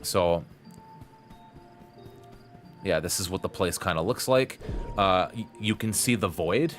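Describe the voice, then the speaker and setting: Deep voiced guy streaming a game, rambly chat, throws in bad puns. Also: moderate pace, pauses often, a bit bright, faint music behind. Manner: chatty, rambling, fond of puns. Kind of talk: live-stream gameplay commentary.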